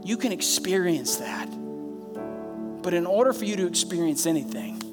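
Male pastor, high voice, fervent sermon delivery over clear background music. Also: sing-song, normal speed, long pauses. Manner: passionate, rising to emphatic peaks; repeats phrases for emphasis. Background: soft instrumental music.

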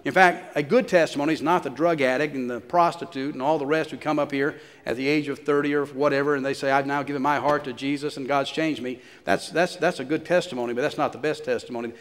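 A pastor preaching a sermon, telling a story and repeating phrases for emphasis. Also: male voice, medium pitch, in a large hall.

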